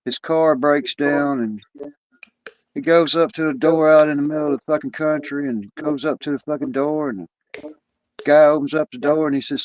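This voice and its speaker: A man telling a crude joke on a live stream, gruff and swearing heavily. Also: mid-range voice, fairly quick, a little mellow, dry recording, low-quality recording. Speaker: guest on the stream.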